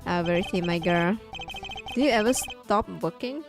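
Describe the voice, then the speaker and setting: A woman reading aloud the lines of a sentimental elderly male committee chairman, in a fond, slow, theatrical way, with game music behind her. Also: on the low side, pitched below the performer's own voice, natural voice.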